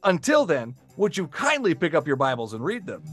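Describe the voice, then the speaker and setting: High-voiced, teasing male podcast host. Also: huge pitch swings, brisk, over loud music. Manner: playfully skeptical, teasing. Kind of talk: casual podcast chat and outro.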